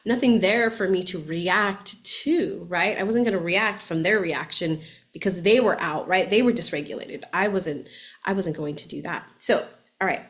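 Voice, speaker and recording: A woman hosting a podcast in casual coaching talk, chatty and animated, often checking in with "right?" and laughing as she talks. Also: fairly low pitch, normal speed. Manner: laughs often while talking. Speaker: podcast host and spiritual coach.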